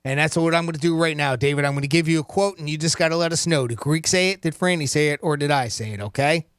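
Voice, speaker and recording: A man's voice: fairly high pitch, fast talker, a bit bright, smooth, no room sound. A man hosting a radio contest, upbeat and laughing easily, on a studio microphone. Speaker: radio host.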